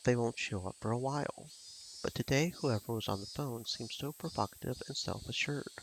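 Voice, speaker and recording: A man streaming himself reading a visual novel aloud in steady narration. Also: on the low side, creaky, slight background noise. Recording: game music behind.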